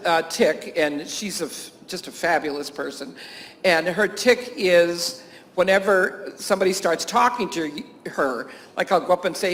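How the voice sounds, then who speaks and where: Speaking to an audience of health professionals at a conference, this teacher and camp staffer has a high-pitched, slightly bright voice. He fills the talk with anecdotes, chuckles often, and uses plenty of fillers and restarts.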